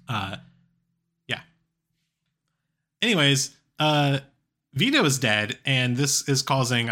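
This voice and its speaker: A man co-hosting a podcast, recapping a story in a relaxed, chatty way with lots of fillers. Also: mid-range voice. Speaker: podcast co-host. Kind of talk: casual chat recapping stories.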